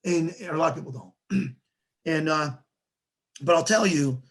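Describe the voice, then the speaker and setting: This is a man with a fairly high voice, hosting a casual sports talk show. He tells his stories with energy and slips into acting out the things people said. His delivery is loose and conversational. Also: unhurried. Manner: animated storyteller who acts out quoted dialogue.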